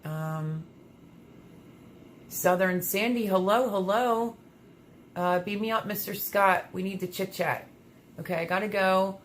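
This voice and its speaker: A woman's voice: medium pitch, measured pace, pauses often, slight background noise. A woman hosting a casual gardening livestream, chatting and reading viewer comments aloud with lots of fillers. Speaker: livestream host reading chat.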